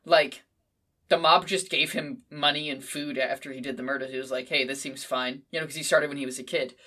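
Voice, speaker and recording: A woman's voice: low voice, fairly even intonation, fairly quick, bright, forceful tone. A woman co-hosting a casual podcast, gushing with enthusiasm and swearing freely. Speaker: podcast co-host. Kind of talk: casual comic-book podcast chat.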